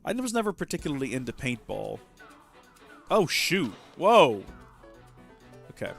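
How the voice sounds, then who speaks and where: A man's voice: a little high, very animated, a little slow, creaky, a bit bright, faint music behind. A man hosting a casual gameplay livestream, rambling and self-deprecating as he chats with viewers. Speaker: livestream host.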